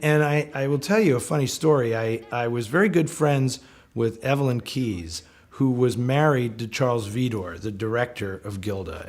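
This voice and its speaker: A film historian in a documentary interview, an animated storyteller who acts out quotes. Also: male voice, medium pitch.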